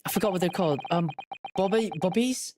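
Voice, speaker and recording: A woman VTuber streaming a video game, reading dialogue aloud and reacting loudly with casual swearing. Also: lowish voice, fairly quick. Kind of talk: casual let's-play reading and commentary. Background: game background music.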